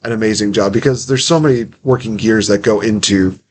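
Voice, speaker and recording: A man's voice: fairly low pitch, fairly quick, a little mellow, slight background noise. A young man hosting a casual interview, chatty and rambling, acting out little quotes as he tells stories. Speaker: podcast host.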